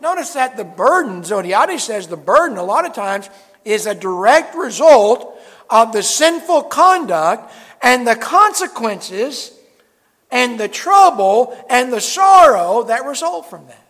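A man preaching a sermon to his congregation, swinging between loud emphatic lines and quiet low asides. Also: big pitch swings, unhurried, big-room sound. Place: church sanctuary.

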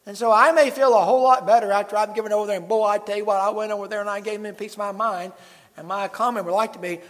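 A man preaching a sermon to his congregation, swinging between loud emphatic lines and quiet low asides. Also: steady tone, racing, big-room sound. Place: church sanctuary.

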